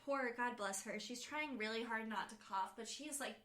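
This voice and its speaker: Animated young woman, bright and echoey. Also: a little high, normal speed. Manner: animated, self-deprecating. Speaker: podcast co-host. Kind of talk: casual book chat.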